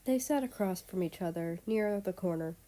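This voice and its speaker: A woman's voice: medium pitch, moderate pace, mellow. A woman reading fan fiction aloud as narrator. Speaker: story reader.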